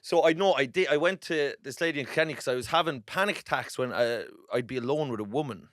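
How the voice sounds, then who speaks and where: A man's voice: medium pitch, fast, a bit bright, dry recording, studio quality. A man with an Irish accent, a guest comedian rambling and laughing through self-mocking stories in casual chat. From Ireland.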